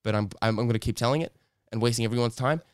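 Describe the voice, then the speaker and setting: Man, podcast host, profane, animated, laughs a lot, smooth clear voice, on a call. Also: medium pitch, racing, no room sound, studio quality. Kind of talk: casual chat, joke telling. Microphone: video call.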